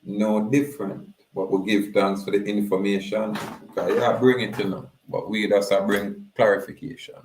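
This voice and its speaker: A Jamaican man talks through his commentary in a low, even voice that barely rises or falls. He keeps a steady, low-key patois delivery and checks in with his listeners as he goes. The room around him rings with echo. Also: normal speed, few pauses, slight background noise. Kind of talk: casual spoken commentary.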